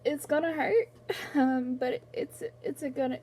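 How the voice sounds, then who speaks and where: This young woman's voice sits high, steady and dark, at a measured pace as she vlogs casually at home about books. She's on the verge of tears, rambling with plenty of fillers and restarts.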